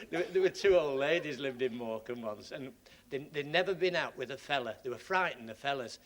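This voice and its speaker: A man's voice: mid-range voice, lively intonation, fairly quick, background noise. A male stand-up comedian, telling meandering jokes and chuckling at them.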